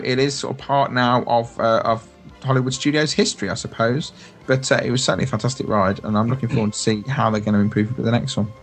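A man's voice: mid-range voice, a bit bright. Brief: male podcast host, chatty and rambling, faint background music. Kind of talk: casual chat.

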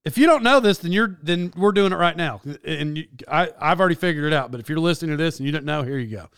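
A man's voice: fairly high pitch, lively intonation, fast, a bit bright, smooth, no room sound, clean studio sound. Rambling, self-correcting man. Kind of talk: casual monologue.

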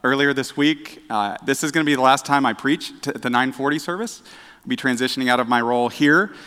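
A man preaching a casual sermon, chatty and self-deprecating, with halting restarts and dad jokes. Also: mid-range voice, pushed and bright, clean tone. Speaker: director of outreach, preaching. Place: church sanctuary. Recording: echoey church hall.

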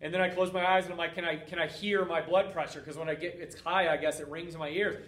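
A man's voice: a little high, steady tone, quick pace, fairly bright tone, echoey room, far from the mic. A man in his thirties hosting a multiple sclerosis wellness show, giving an earnest motivational talk straight to his viewers and repeating himself for emphasis.

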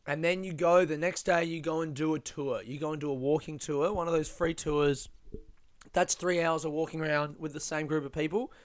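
Young male comedian, sardonic and profane storyteller, clean smooth tone. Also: fairly high pitch, fairly even intonation, brisk. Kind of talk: casual comic storytelling.

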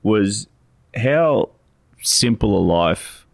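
A man's voice: fairly low pitch, expressive, extremely slow, vocal fry, no echo. A middle-aged Australian man co-hosting a podcast, telling a meandering story in casual chat. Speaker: podcast co-host, financial adviser.

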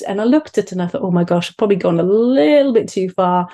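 Warm-toned Welsh-born mother telling stories. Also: medium pitch, fast, hardly any pauses. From Wales. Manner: earnest, animated when telling stories, self-deprecating. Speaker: guest. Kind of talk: podcast interview, personal story.

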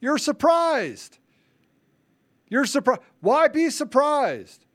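A man's voice: very high-pitched, very animated, slow, a bit bright. A man hosting a political commentary show, ranting in a fiery, repetitive, emphatic way. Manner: self-described introvert. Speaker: show host.

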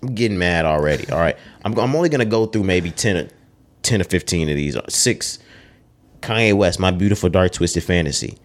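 A man's voice: low voice, lively intonation, a little fast. A man co-hosting a podcast in casual chat, opinionated and swearing freely as he runs down a ranked list. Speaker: podcast co-host.

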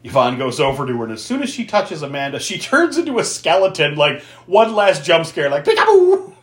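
A man's voice: fairly high pitch, sing-song, brisk, fairly bright tone. A man hosting a podcast, casually recapping a film, swearing and laughing often as he tells it. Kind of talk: casual movie recap chat. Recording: echoey room.

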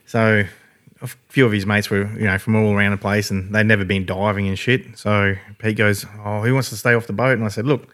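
A man's voice: lowish voice, level tone, fairly quick, fairly bright tone. A man with an Australian accent telling rambling stories in a casual podcast chat, swearing constantly.

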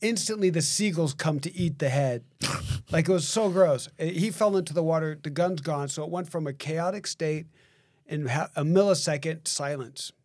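A man in a casual podcast chat, telling animated lifeguard stories and laughing through them. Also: fairly high pitch, normal speed.

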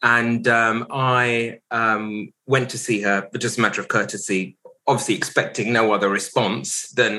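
A man in his forties, a solicitor guest on a podcast, telling a painful personal story candidly, reflective and hesitant with many pauses and restarts. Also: medium pitch, little pitch movement, pushed and bright, poor audio.

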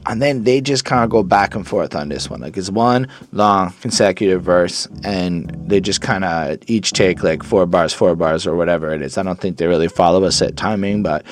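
A man's voice: deep voice, normal speed, hardly any pauses. A man from Montreal casually reviewing an album, rambling and swearing with lots of "like" fillers. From Montreal, Canada.

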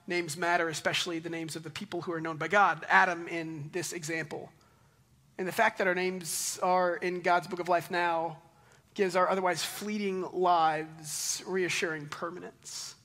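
A man in his thirties preaching a conversational sermon, telling stories in an animated way and closing in prayer. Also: on the high side. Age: 30s. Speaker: pastor.

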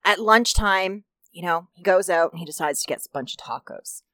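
A woman with a somewhat low voice tells a joke story in relaxed podcast chat. She acts out the voices of the people in her story. The sound is close and dry. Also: moderate pace, dry recording. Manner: animated narrator, acts out voices in her jokes. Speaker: podcast co-host.

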